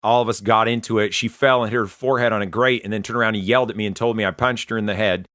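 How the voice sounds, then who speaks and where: Earnest man telling a bright personal testimony. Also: lowish voice, fairly even intonation, dry recording, studio quality. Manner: earnest, conversational, halting retelling. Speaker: Christian testimony speaker.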